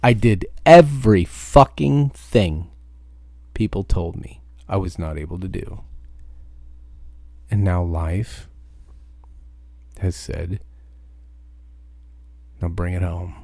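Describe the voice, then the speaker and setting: A truck driver giving a profane, ranting podcast monologue. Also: male voice, deep voice, slow pace, vocal fry, pauses often, a little mellow, no echo.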